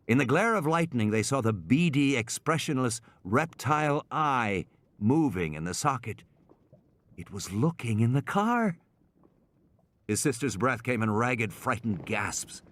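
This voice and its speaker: A man narrating an audiobook in a dramatic, scripted style. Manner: dramatic, lively pitch swings.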